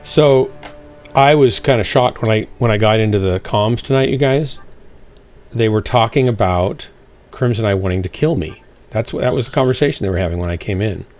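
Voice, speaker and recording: A man's voice: fairly low pitch, brisk, darkish tone, soft background music. A man streaming a mech game, chatting casually and playfully with teammates. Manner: playful, hums and scats while waiting. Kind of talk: casual gaming chat with teammates.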